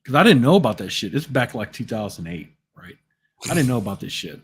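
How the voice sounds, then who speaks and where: A man's voice: medium pitch, very animated, brisk, slightly rough. Middle-aged guy cussing a lot telling a story, trips over his words. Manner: profane, storytelling with lots of cursing; restarts and repeats words. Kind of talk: casual chat.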